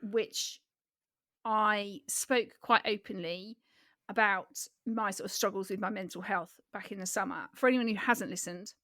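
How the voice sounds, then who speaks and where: A woman's voice: medium pitch, fairly even intonation, measured pace, pushed and bright, dry recording, clean studio sound. A woman co-hosting a podcast in casual chat, reflective and hedging with many fillers. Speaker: podcast co-host.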